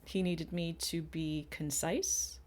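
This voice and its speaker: A woman's voice: sits low, fairly even intonation, slow pace, a little mellow. A middle-aged woman co-hosting a podcast, telling a personal story in an earnest, casual way with frequent restarts. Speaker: podcast co-host.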